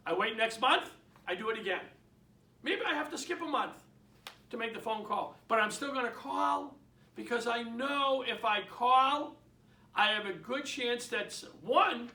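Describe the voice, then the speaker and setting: Boston guy teaching real estate, real high bright voice, kinda far off in an echoey room. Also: unhurried. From Boston area. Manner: energetic and emphatic, acts out phone calls. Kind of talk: instructional talk. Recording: echoey room, speaker away from the mic.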